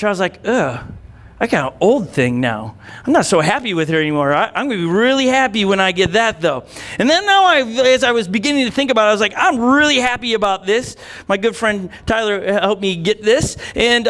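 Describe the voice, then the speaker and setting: A man preaching a sermon to a church congregation in a lively, conversational way, full of playful asides and acted-out quotes. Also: high voice. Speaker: pastor. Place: church stage in front of a congregation.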